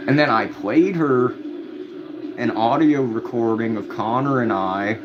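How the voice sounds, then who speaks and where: A man's voice: mid-range voice, a little slow. A man hosting a late-night livestream, rambling and swearing through stories in casual chat. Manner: rambling, heavy swearing, storytelling. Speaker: livestream host. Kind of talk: casual chat to a live audience. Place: home room at night. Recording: dull audio with audible background noise.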